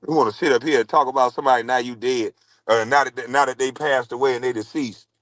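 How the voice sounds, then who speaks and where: A former pro basketball player in a heated, scornful rant, repeating taunts at a rival. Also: male voice, medium pitch, steady tone, fast talker, fairly bright tone, no room sound, rough recording. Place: podcast studio.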